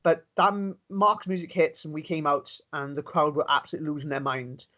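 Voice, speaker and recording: A Welsh wrestler tells his story in a casual interview, talking in animated bursts and often starting his sentences over. His voice sits a little high for a man. The audio is muffled and lo-fi. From Wales. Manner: animated, quick storytelling with many restarts. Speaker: professional wrestler, interview guest.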